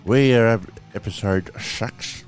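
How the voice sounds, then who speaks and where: A man's voice: fairly low pitch, slow, soft background music. A man with an Australian accent co-hosting a podcast, laid-back and sweary, laughing often. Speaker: podcast co-host. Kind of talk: casual crude banter.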